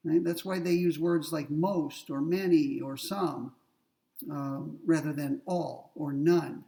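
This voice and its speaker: A man's voice: a little high, steady tone, slow, gravelly, dark tone, distant mic, poor audio. A man giving a recorded philosophy lecture, explaining points methodically, repeating key ideas and asking rhetorical questions.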